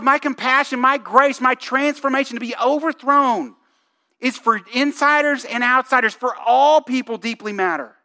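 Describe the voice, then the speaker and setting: Male pastor, very high voice, bright tone, casual sermon delivery with rhetorical questions. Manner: conversational, asks the congregation questions; reads scripture aloud with emphasis.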